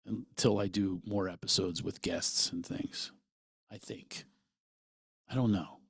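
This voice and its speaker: A middle-aged man hosting a podcast, telling a personal story in an animated way and acting out what others said. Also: lowish voice, gravelly, no room sound, studio quality. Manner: animated, quotes people in lively voices. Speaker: podcast host.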